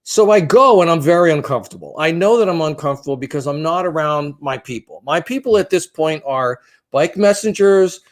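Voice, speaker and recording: Man, 50s, podcast co-host, slightly high voice, rambling, profane, self-deprecating storyteller. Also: lively intonation, brisk.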